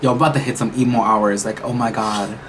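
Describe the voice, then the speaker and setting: A young reaction YouTuber with a lowish, steady voice talks fast about a show episode over background noise. He sounds emotional and exclamatory, thinking aloud with many restarts.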